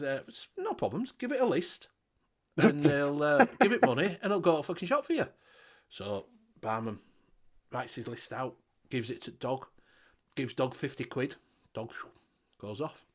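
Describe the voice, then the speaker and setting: A man with a Northern English accent, co-hosting a casual show and telling a long, sweary pub joke with voices for each character. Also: mid-range voice. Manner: animated storyteller, swearing freely, voicing characters. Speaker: vape show co-host.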